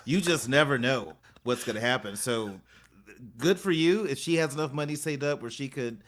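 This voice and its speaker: A man's voice: medium pitch, animated, normal speed, fairly bright tone. A middle-aged man co-hosting a casual podcast chat, frank with his opinions and laughing often. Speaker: podcast co-host.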